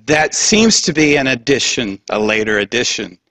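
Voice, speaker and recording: A man's voice: medium pitch, sing-song, normal speed, a bit bright, no echo. A man giving a public lecture in a conversational, humorous way, with laughing asides.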